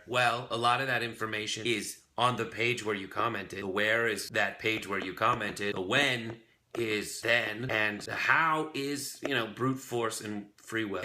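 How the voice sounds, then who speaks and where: A young man hosting a comedic web show, reading viewer comments aloud with wry, deadpan jokes. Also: fairly low pitch, roomy sound. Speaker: host.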